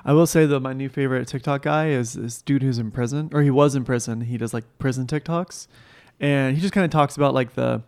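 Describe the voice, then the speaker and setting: A man in relaxed casual conversation, talking loosely with many fillers. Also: medium pitch, a little fast. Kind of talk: casual chat.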